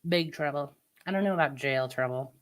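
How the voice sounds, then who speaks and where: A woman's voice: low-pitched, a little fast. A woman livestreamer in casual chat with her viewers, venting opinions in a chatty way. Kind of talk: casual live-stream chat.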